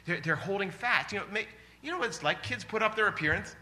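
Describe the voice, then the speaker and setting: A man in his forties preaching a sermon in a church, animated and exclamatory, often laughing. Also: sits high, quick pace, a little hiss or hum. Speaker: pastor. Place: church sanctuary.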